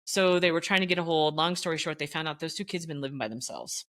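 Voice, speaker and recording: A middle-aged woman and former teacher telling stories in a casual interview, animated and acting out the voices of the people she quotes. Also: deep voice, quick pace. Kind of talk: storytelling in casual conversation.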